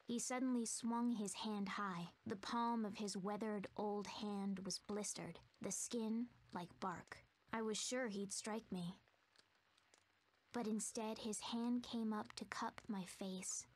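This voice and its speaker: A woman narrating a video game in a soft, hushed, fearful storytelling manner, voicing a timid young female narrator. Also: mid-range voice, fairly even intonation, takes it slowly.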